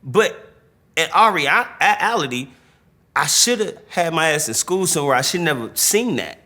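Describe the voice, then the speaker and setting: A man's voice: fairly high pitch, moderate pace. A man tells stories from his career in a loose, slangy way, acting out the dialogue. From St. Louis, USA. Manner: animated, slangy, acts out dialogue. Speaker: rapper interviewee. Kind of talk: storytelling interview.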